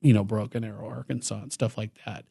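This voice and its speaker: A man's voice: fairly low pitch, steady tone, fast talker, creaky, mellow, husky. Chatty middle-aged man, rambling guest. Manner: chatty, rambling with many fillers and laughs. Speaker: guest filmmaker. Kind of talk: casual podcast chat.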